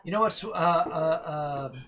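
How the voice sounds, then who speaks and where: A man's voice: fairly high pitch, takes it slowly. A man playing a board game, chatting casually and narrating his moves. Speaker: player and co-host. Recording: loud background noise.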